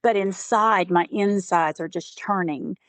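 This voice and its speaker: A woman being interviewed as a caregiver, speaking earnestly and haltingly, with many "you know" fillers. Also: lowish voice, dry recording. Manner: earnest, faith-driven. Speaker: guest, caregiver. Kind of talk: conversational interview.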